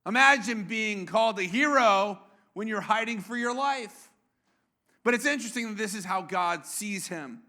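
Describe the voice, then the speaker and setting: A man's voice: high-pitched, moderate pace, sharp tone. A male pastor preaching a sermon in a conversational way, with joking asides and frequent restarts.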